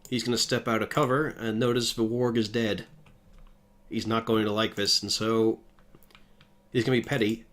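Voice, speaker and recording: A man's voice: fairly low pitch, normal speed, pauses often. Man narrating a tabletop game. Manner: relaxed, descriptive narration of combat. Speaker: game master.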